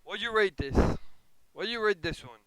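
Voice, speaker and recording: A man streaming, reacting to a video in relaxed, casual commentary and often repeating his words. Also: high voice, moderate pace, rough recording.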